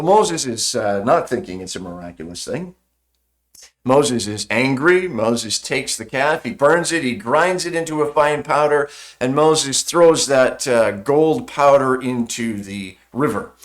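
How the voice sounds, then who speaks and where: A pastor giving a sermon, retelling a story vividly and conversationally, with frequent "uh" fillers. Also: male voice, mid-range voice, animated, a little slow.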